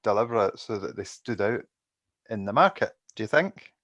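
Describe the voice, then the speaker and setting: A man's voice: fairly low pitch, lively intonation, normal speed, a bit bright, dull audio. A man co-hosting a casual gaming podcast, chatty and rambling, and often breaking into laughter. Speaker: podcast co-host. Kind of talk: casual chat.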